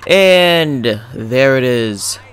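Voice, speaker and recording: Speaking very slowly in a clean, medium-pitched voice, a young gaming commentator narrates a baseball video game. His jokes are deadpan, and his talk is profane and rambling.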